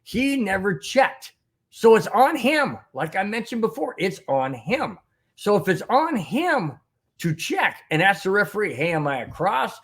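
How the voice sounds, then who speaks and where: A man's voice: sits high, sing-song, measured pace, a bit bright. A man hosting a fan podcast, ranting with indignation and rambling with repeated phrases and restarts while he reads chat comments. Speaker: podcast host reading live chat. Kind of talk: heated sports recap with chat.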